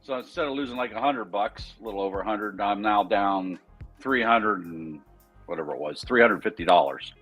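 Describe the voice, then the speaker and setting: A man's voice: on the low side, fairly quick, a bit bright, breathy edge, muffled recording, faint music behind. A man on a trading panel, telling a long rambling story in casual chat and correcting himself as he goes. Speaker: trader on a panel.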